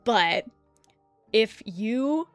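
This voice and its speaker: A woman streamer chatting casually and rambling about practicing a deeper voice, self-deprecating and swearing freely. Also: animated, drawn-out words, no room sound, soft background music. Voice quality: slight lisp-like clicking from a tongue piercing. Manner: experimenting with pitching her voice deeper. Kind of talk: casual livestream chat.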